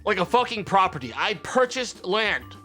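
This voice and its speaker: A man talks to his livestream viewers in a high, sharp voice, ranting hard and swearing freely. His complaints build into heated tirades while soft music plays faintly behind him. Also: big pitch swings, normal speed. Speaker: streamer. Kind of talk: casual livestream chat.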